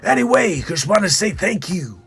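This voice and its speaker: A man doing a comedic impression of a gruff older male film star with exclamatory outbursts. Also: high voice, big pitch swings, moderate pace, fairly bright tone, voice pushed up, exaggerated voice.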